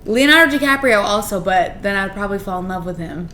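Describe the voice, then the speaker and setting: A woman's voice: medium pitch, expressive, quick pace, pushed and bright. A young woman who is a guest on a casual podcast, giggly and blunt about her opinions.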